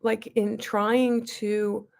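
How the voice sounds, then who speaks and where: A woman's voice: fairly high pitch, flat delivery, extremely slow, creaky, darkish tone. A woman vlogger telling a long personal story to her viewers in a rambling, emphatic way, full of restarts and asides. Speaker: beauty vlogger.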